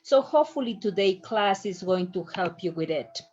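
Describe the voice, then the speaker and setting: A woman teaching a recorded online lesson, enunciating words slowly and deliberately. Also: medium pitch, expressive, darkish tone. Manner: slow, careful delivery, stretches out example words; clear, deliberate enunciation of each syllable. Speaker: Spanish teacher. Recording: dull lo-fi recording.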